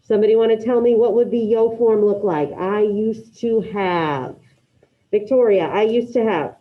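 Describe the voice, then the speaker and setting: The audio comes from a video call and sounds dull and lo-fi. A woman with a fairly high voice teaches high school Spanish online, talking a little fast, calling on students by name and encouraging their answers.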